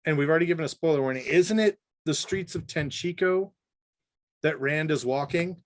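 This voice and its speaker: Rambling high-voiced man. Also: fairly quick. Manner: rambling, restarts, enthusiastic storyteller. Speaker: podcast co-host. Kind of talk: casual podcast chat.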